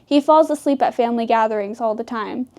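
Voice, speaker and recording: A teenage girl in an interview, telling funny stories about her brother, chatty and quick to laugh. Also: fairly high pitch, a little mellow. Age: teens. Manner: giggly, chatty, quick asides. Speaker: interviewee, high school senior. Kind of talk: casual interview storytelling.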